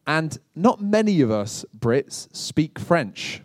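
A man's voice: on the high side, big pitch swings, takes it slowly, no room sound, studio quality. A British man preaching as a pastor, telling light humorous stories with chatty asides to his congregation. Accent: British English. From Britain. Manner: chatty, self-deprecating storytelling with asides to the congregation. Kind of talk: humorous sermon.

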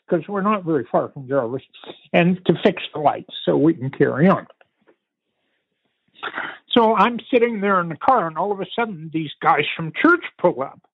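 Older Canadian man, husky storyteller, dry tinny phone-line sound. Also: high-pitched, no room sound. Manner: unhurried, vivid storytelling with pauses and restarts. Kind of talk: recounting a family story in conversation.

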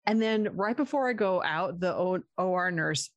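A woman's voice: on the low side, moderate pace, dry recording, lo-fi sound. A young woman telling a story in casual chat, laughing often and acting out the people in it. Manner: animated, laughing, quotes others in her story.

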